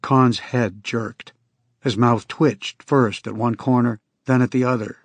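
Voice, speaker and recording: A man reading scripted first-person narration in an even, unhurried storytelling manner. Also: mid-range voice, dry recording. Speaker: audiobook narrator.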